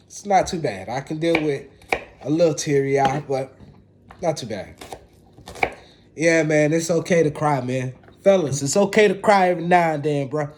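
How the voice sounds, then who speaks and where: A man's voice: on the high side, normal speed, background noise. A man, chatting casually to viewers in a laid-back way while he cooks. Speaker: home cook. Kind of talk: casual cooking vlog.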